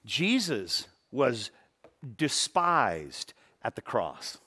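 A male pastor preaching a sermon with animated delivery, dropping to hushed tones and rising to loud emphatic bursts, often repeating words for emphasis. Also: medium pitch, extremely slow. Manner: repeats words for emphasis, breaks into quoted dialogue.

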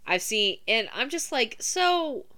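A woman's voice: on the high side, big pitch swings, slow pace, pushed and bright. A woman co-hosting a podcast, chatting casually and animatedly over a remote call, swearing and laughing often. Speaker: podcast co-host. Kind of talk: casual wrestling podcast chat.

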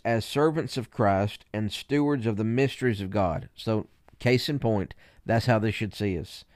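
Low-voiced guy preaching to other preachers, lots of um and repeats, dry close sound. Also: darkish tone, no echo. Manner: halting, repeats words, many fillers; reads scripture with rising emphasis. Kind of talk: teaching talk to preachers.

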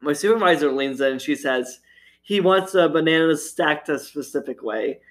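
A man's voice: on the high side, expressive, moderate pace. A man telling stories from his time as a grocery store cashier in a chatty way, laughing often and using plenty of fillers. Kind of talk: casual storytelling chat.

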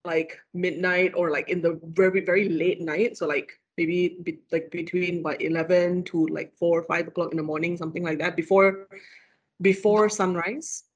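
A woman with a Malaysian English accent, a lecturer telling a ghost story in casual chat, animated and full of fillers and laughs. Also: on the low side, moderate pace, breathy edge, lo-fi sound. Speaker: lecturer, guest.

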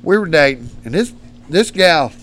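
A man's voice: on the high side, very animated, moderate pace, a bit bright, slight background noise. Profane, rambling man telling tall tales. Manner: rambling, profane, laughs through his tales. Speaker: podcast guest. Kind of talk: casual storytelling.

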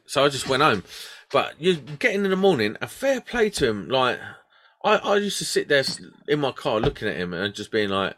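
A man's voice: fairly high pitch, very animated, brisk, fairly bright tone. Chatty man. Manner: chatty storyteller, laughs often. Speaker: podcast co-host. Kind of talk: casual chat.

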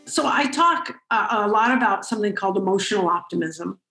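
A woman podcast host telling a story in an animated way, with frequent restarts. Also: medium pitch, a little fast, vocal fry, reverberant, faint music behind, poor audio. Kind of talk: conversational storytelling.

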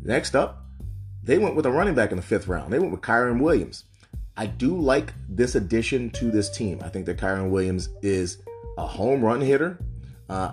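A man's voice: lowish voice, darkish tone. A man giving loose, conversational solo commentary on football draft picks, with frequent asides. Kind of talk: casual solo sports commentary.

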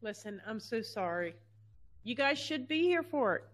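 Woman producer bossing the guys around for fun, higher pitch. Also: sing-song, normal speed. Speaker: podcast producer. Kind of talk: casual chat.

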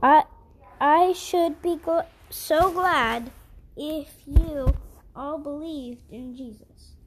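A woman reading the part of a calm, gentle middle-aged Christian mother speaking to her captors in a story, her voice steady and halting. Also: high voice, slight background noise, rough recording. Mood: tender farewell.

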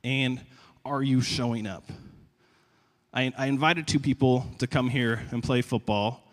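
A young man preaching a sermon in a conversational, animated way, often stumbling and repeating words. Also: mid-range voice, unhurried. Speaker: pastor. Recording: long reverb of a large hall.

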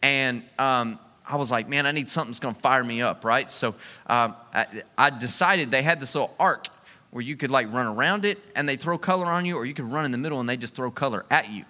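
A man preaching a sermon, moving from a relaxed, joking personal story into emphatic preaching. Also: medium pitch, a little fast, long reverb tail.

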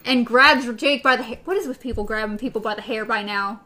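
A woman's voice: fairly high pitch, fairly quick, bright, forceful tone. A woman co-hosting a podcast, reading a novel aloud and discussing it playfully. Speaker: podcast co-host.

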